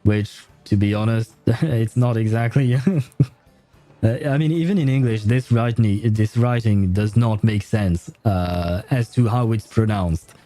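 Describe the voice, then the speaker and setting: A French-speaking-first streamer with a lowish, mellow voice and measured pace chats his way through a let's-play. He sounds amused and picks at small details while faint game music plays.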